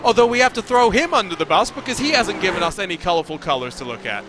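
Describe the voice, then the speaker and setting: A man's voice: sits high, fast talker. A man commentating a sim racing broadcast, joking with his co-host as he calls the action. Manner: lively, joking banter with co-host. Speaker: race commentator. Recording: background race car noise.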